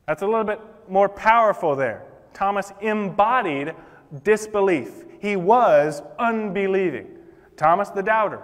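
High-voiced preacher in a reverberant church. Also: male voice, moderate pace. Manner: impassioned, acts out the Bible figures' words. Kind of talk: sermon. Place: church sanctuary. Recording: long reverb of a church hall.

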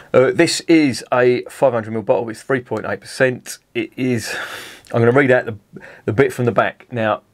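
A middle-aged man, reviewing a beer in a casual, rambling and sweary way at home. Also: mid-range voice.

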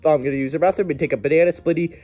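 A man's voice: on the high side, fairly even intonation, rapid-fire, mellow, highs cut off, faint music behind, lightly acted. A man voicing a goofy plush cowboy toy in a homemade plush skit, rambling and stumbling over his words.

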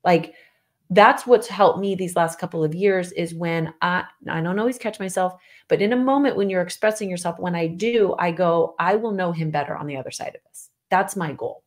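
Animated woman co-hosting a podcast. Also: lowish voice, normal speed. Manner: animated, emphatic, laughs often. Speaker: podcast co-host. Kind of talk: casual conversation with spouse.

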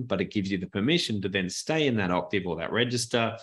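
With a fairly low pitch, this man teaches how to present in a webinar broadcast from his home office. He's energetic, varying tempo and tone by design, and his desk microphone is a good one.

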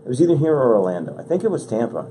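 In a radio studio room, a podcast host with a mid-range voice fires off rapid, animated stories that ramble and restart again and again. Some slight background noise is present.

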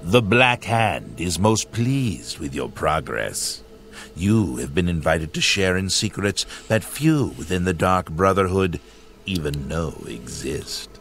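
A solemn video game assassin leader, with an extremely low voice full of gravel. He speaks slowly in a grave, ceremonial way. Faint game music runs behind him. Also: sing-song, fairly bright tone, exaggerated voice.

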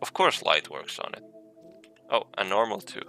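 A man's voice: fairly low pitch, very animated, moderate pace, vocal fry, bright, forceful tone, faint music behind. A man giving casual commentary on a game he is playing, swearing often, making frustrated outbursts and reading item text aloud. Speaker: let's play gamer.

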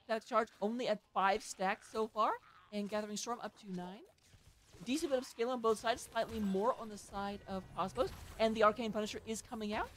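A woman casting an amateur esports match with play-by-play commentary, chatty and excitable, with joking asides. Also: medium pitch, a little fast, a little hiss or hum. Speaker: esports caster.

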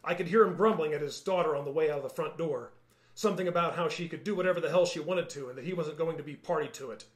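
A man, the author, reading his own novel aloud in calm, measured first-person narration. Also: a little high, echoey room. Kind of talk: audiobook-style narration.

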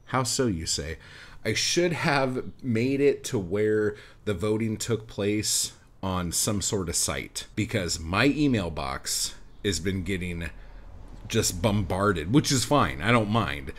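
A man's voice: on the low side, expressive, takes it slowly, fairly bright tone. A man hosting a podcast, delivering a heated, sarcastic rant packed with profanity. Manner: swears constantly, heated and sarcastic. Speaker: podcast host. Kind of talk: profane ranting monologue.

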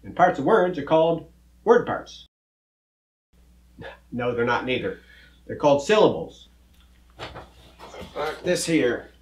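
A man's voice: fairly high pitch, big pitch swings, slow pace, pauses often, roomy sound, a little hiss or hum. A man playing a good-natured cowboy teacher who explains word parts with a folksy drawl and corny jokes. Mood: friendly. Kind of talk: children's comedy skit.

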